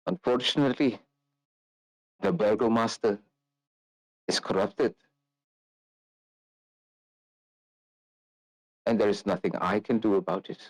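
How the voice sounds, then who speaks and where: A man's voice: on the low side, normal speed, dry recording, pitched above the performer's own voice, lightly acted, low-quality recording. A man voicing an ailing old noblewoman, speaking formally and earnestly in a tabletop role-play.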